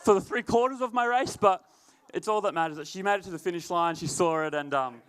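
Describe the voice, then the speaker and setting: A man's voice: high-pitched, fast talker, a bit bright, clear, resonant tone. A young man, a youth leader telling a chatty, laughing story before a sermon. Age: young adult. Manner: laid-back, laughing often, chatty filler words.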